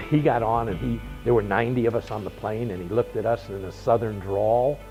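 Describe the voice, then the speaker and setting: A man's voice: on the low side, fairly quick, mellow, soft background music, rough recording. An older man in his seventies from Miami, telling wry anecdotes in an interview and acting out the dialogue he quotes. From Miami, Florida. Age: 70s. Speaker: interviewed veteran. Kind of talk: storytelling interview.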